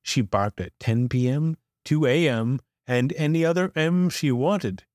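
A man reading a children's picture book aloud with expressive, playful emphasis. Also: mid-range voice, measured pace, no echo, studio quality. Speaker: storyteller.

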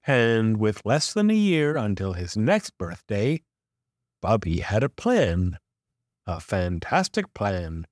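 A man reading a children's picture book aloud with expressive, playful emphasis. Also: lowish voice, takes it slowly, no room sound, clean studio sound. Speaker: storyteller.

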